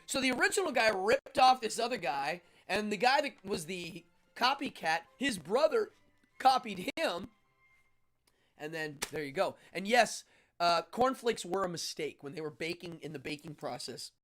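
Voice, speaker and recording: Man, livestream host, casual chat, excitable, rambling, laughs often, very animated pitch. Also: moderate pace, faint music behind. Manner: excitable, reacts out loud to chat messages.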